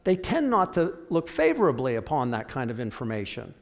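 Animated preacher in a reverberant hall. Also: male voice, mid-range voice, brisk. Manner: storytelling, acts out voices of biblical figures, dramatic drops to quiet. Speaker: pastor. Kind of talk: sermon.

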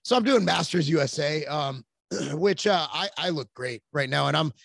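A man's voice: a little high, lively intonation, moderate pace, creaky, a bit bright, dry recording. A man in his forties, a podcast guest, telling long rambling stories in casual chat with plenty of cursing. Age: 40s. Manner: rambling, profane storytelling.

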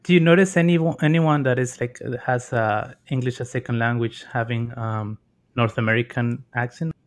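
A young man from Mexico hosts a relaxed interview, asking curious questions in loose, rambling phrases. His voice sits in a middle pitch, and he fills his sentences with fillers. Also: normal speed. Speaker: host. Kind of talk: casual interview.

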